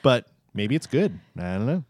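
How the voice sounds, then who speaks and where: A man chatting casually as co-host, his pitch swinging lively while he teases and jokes. The sound is dry and close, with no room echo. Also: moderate pace. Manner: playful, teasing, animated. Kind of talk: casual chat.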